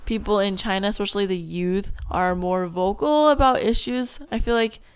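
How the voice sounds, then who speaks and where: Casting: young woman podcast co-host, resonant clear voice, chatty and rambling. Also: medium pitch, normal speed. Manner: chatty, rambling with many fillers. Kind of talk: casual chat.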